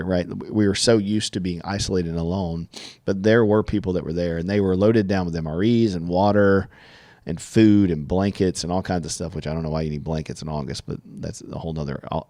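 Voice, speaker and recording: A man's voice: deep voice, warm tone, dry recording. A man tells his own story in an earnest, reflective monologue. He often stumbles and restarts his words as he goes. The sound is dry and close, with no room in it. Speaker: podcast guest telling his story.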